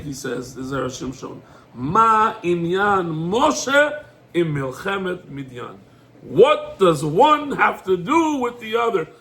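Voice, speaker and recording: A male rabbi a high voice and a gravelly edge, teaching an animated Torah class. He speaks laced phrases and acts out each exchange as a storyteller would. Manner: animated storyteller, acts out dialogue, rhetorical questions. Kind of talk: lively Torah class, mixing English with Hebrew quotes.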